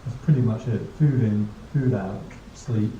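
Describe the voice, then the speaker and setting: Here a male Buddhist monk teaching mindfulness speaks at a measured pace in a lowish, mellow voice. He gives a class a relaxed, funny talk full of anecdotes, laughing at his own jokes. The sound is dull, distant and roomy, with slight hiss or hum.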